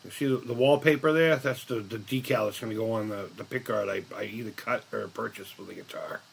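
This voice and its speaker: A man's voice: lowish voice, steady tone, a little fast, vocal fry, a little hiss or hum. A man in his fifties hosting a casual live-stream chat, rambling, blunt and profane as he reads the chat. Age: 50s.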